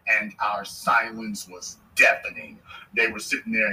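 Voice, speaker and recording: A man's voice: fairly low pitch, completely flat delivery, measured pace, sharp tone, distant mic, poor audio. A man hosting a podcast, giving a political commentary monologue emphatically and repeating his points for effect. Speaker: podcast host.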